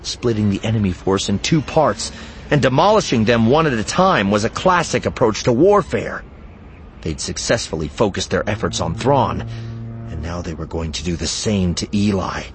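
Man narrating an audiobook with lively pitch. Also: a little hiss or hum. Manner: dramatic, expressive reading with swings between hushed and urgent. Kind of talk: scripted narration.

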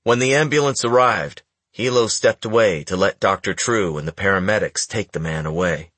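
Low, husky man for audiobook narration, dry booth, measured delivery. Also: no echo. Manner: measured, even storytelling. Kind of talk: scripted narration.

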